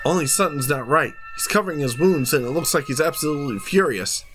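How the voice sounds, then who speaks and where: Man narrating a game story, low voice, lively delivery, game music underneath. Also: fast. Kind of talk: first-person story narration.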